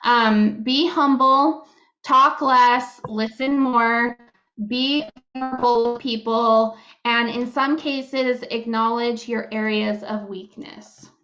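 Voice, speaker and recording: A woman's voice: on the high side, fairly even intonation, takes it slowly, bright, forceful tone, highs cut off, soft background music. A woman co-hosting a podcast, talking candidly and casually, swearing freely and giggling now and then. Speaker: podcast co-host. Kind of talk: casual chat.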